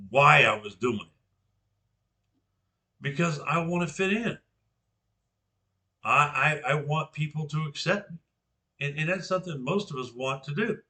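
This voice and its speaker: A man's voice: mid-range voice, sharp tone. An older man from Georgia in the US giving an informal class presentation, carefully articulating his words with frequent restarts.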